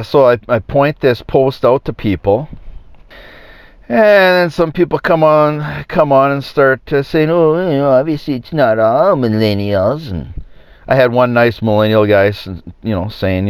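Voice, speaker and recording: A man's voice: on the low side, dry recording. A man hosting his own podcast, talking in a rambling, opinionated way and chuckling at his own jokes. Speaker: podcast host. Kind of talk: casual opinionated monologue.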